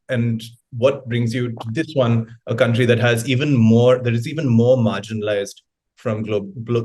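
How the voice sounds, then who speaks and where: Man moderating a panel with halting questions. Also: mid-range voice, darkish tone. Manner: halting questions with repeated words. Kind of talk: panel discussion.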